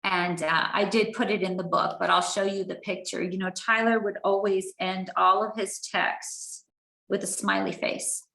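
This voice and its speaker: A woman's voice: medium pitch, level tone, vocal fry, bright, forceful tone. Earnest woman telling a story in a roomy echo. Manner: earnest, halting with restarts. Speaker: guest speaker. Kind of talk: personal storytelling.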